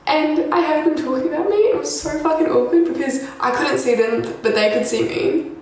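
A woman's voice: high voice, a little fast, darkish tone. A frightened young woman streaming live from her home at night, talking in a breathless, jittery way that drops to whispers, swearing often, close to tears. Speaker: livestreamer. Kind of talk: casual livestream chat. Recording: echoey room with noticeable background noise.

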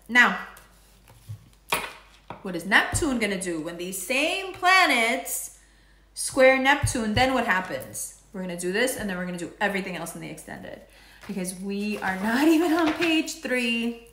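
A playful woman talks through a horoscope and tarot reading in a loose, chatty way, drifting into tangents and the odd swear word. Her voice sits at an ordinary middle pitch. The sound bounces around an echoey room at home. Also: animated, normal speed, bright, forceful tone. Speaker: astrology and tarot reader. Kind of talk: casual monthly horoscope reading.

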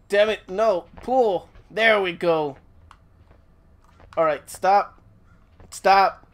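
A hoarse gaming host losing their voice, swearing and cheering through casual gameplay commentary at home. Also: medium pitch, a little slow, pauses often. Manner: profane, talks to the game, grunts and cheers while playing. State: hoarse, voice giving out from sickness.

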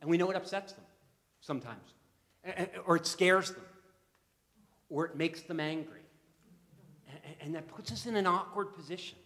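A man addresses an assembly as guest speaker, telling a story with animated energy and frequent restarts. His voice sits high and bright. The sound carries a long reverb from the hall. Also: normal speed, pauses often. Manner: animated, repeats words when starting sentences.

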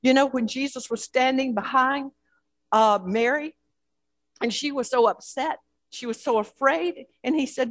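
A woman's voice: high-pitched, measured pace, dry recording. A woman pastor preaching a sermon with a repetitive, building cadence.

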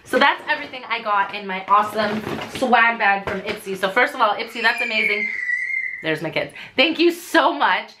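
A woman in her thirties chatting through a casual unboxing vlog, gushing and excitable, gasping often. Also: on the high side, moderate pace. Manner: gushing, excitable, frequent gasps. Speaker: beauty vlogger.

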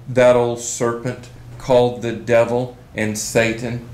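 A man teaches a Bible study session, reading scripture aloud slowly and with emphasis. His mid-range voice has a level, darkish tone, captured in a low-quality recording in an echoey room.

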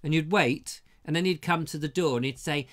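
A middle-aged man hosts a live online show, bantering in a jokey, rambling way and reading viewer comments aloud during casual live-stream chat. His voice is fairly high and fairly bright, and he talks briskly.

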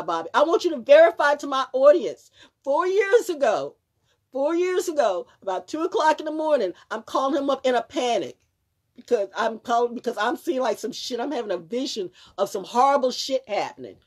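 A woman with a high-pitched, lively voice hosts a live stream at a brisk pace. She talks casually and rambles emphatically, swearing often and frequently restarting her sentences.

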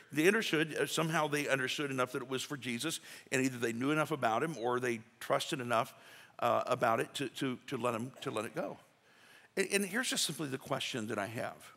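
A man's voice: mid-range voice, brisk, bright, forceful tone. A male pastor preaching a sermon in a folksy, conversational way, acting out little quotes. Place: church sanctuary. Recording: reverberant church sanctuary.

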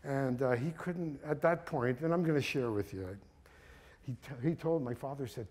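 An older man from Kazakhstan, an author telling his family's story and reading from his book in an animated way. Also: mid-range voice, normal speed. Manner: animated storyteller, thinks aloud with restarts.

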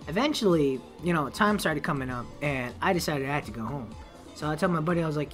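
A young man telling a casual story, swearing often and acting out quotes loudly. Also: on the high side, quick pace, faint music behind. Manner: animated, swearing, acts out quotes in raised voice.

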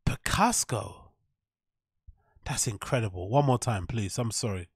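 A man's voice: fairly low pitch, fairly quick, a little mellow, breathy edge, dry recording, studio quality. A man hosting a reaction video, laughing often and gleefully repeating mispronounced names. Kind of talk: reaction commentary.

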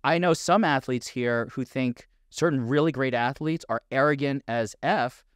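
A man co-hosting a fitness podcast, explaining his view in an assured, measured way. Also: medium pitch, clear, resonant tone, no room sound, clean studio sound. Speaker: podcast co-host, fitness coach. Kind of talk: casual podcast chat.

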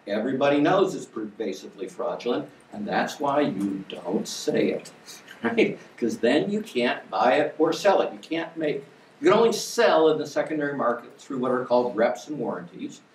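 An older man giving an academic lecture as a guest lecturer, emphatic and wry, with lively bursts of stress on key words. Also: medium pitch, moderate pace, a little hiss or hum. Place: lecture hall. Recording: echoey hall from far off.

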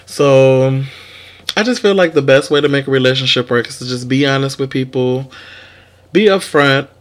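A young man talks straight to camera, dishing celebrity gossip with sass and plenty of swearing. His voice sits in an ordinary middle pitch, loose and conversational. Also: moderate pace. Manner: sassy, profane, animated commentary. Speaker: vlog host. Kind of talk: casual celebrity gossip vlog.

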